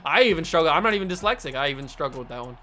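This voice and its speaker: A young man hosting a gaming channel, calling his football video game plays like an excitable, jokey sportscaster. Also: fairly high pitch, very fast. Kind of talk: casual play-by-play commentary while gaming. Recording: faint game music behind.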